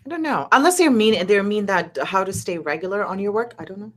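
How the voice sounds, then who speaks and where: A woman co-hosting a casual live-stream chat, talking in an animated way that climbs high when she gets excited. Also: fairly quick. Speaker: co-host.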